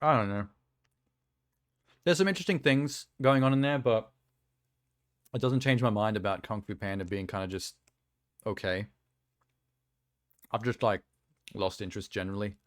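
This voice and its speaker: A man's voice: fairly low pitch, moderate pace, long pauses, no room sound, studio quality. A man streaming casual reaction chat, rambling and offhand with lots of fillers, talking around a sour lolly in his mouth.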